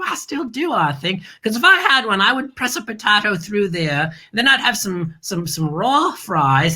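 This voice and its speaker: Animated, bright-voiced woman host. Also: fairly low pitch. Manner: dramatic, stammering restarts, calls listeners darling. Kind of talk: theatrical family-show hosting.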